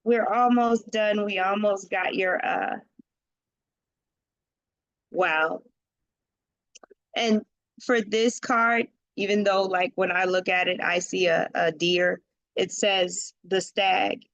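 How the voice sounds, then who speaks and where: Lady doing a chill tarot reading, slow and laid back, laughs a lot, dry sound. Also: mid-range voice, fairly even intonation, a bit bright, no echo, low-quality recording. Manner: chatty, laughs often, slangy asides. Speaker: tarot reader.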